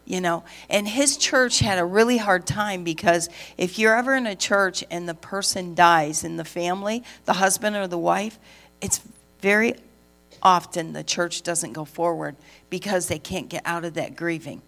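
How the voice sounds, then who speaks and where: A middle-aged woman, a pastor's wife and preacher, tells a story from the pulpit in a lively way, acting out the dialogue. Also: fairly low pitch, normal speed. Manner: lively storyteller who acts out the dialogue and laughs. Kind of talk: sermon testimony.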